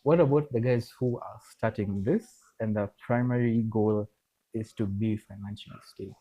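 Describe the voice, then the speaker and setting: A man hosting a casual interview, encouraging his guest with steady affirming murmurs. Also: lowish voice, moderate pace. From Kenya. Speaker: host. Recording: dull lo-fi sound.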